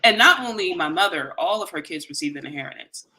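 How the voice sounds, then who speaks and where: At a quick pace and in a mid-range voice, a host relates a long story from his own life, earnest and animated in a conversational style, performing the lines of each person in it.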